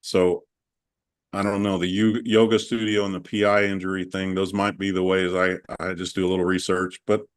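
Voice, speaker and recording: A man with a low voice talks casually on a video call. He is chatty and candid, and he rambles as he tells a story. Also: little pitch movement, normal speed. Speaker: coaching client.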